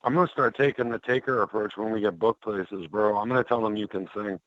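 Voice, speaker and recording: Male podcast guest, low voice, joking and teasing, dry muffled call-in line. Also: fairly even intonation, fairly quick, no echo. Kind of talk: casual wrestling chat.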